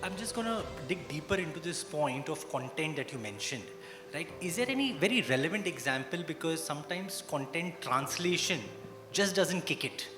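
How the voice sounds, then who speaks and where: A man moderates a conference panel, steering it with probing questions. His voice sits fairly high, echoing in a roomy space. Clear music plays behind him. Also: animated, moderate pace. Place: conference hall. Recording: echoey hall with music.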